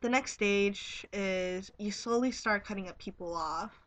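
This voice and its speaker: A woman's voice: mid-range voice, measured pace, a bit bright. A young woman chatting casually to her camera at home, giggly and blunt, swearing freely as she talks. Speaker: vlogger.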